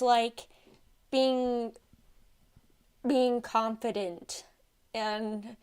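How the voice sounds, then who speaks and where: A woman's voice: fairly high pitch, darkish tone, clean tone. A woman streamer commenting casually on a video, exasperated and often restarting her sentences.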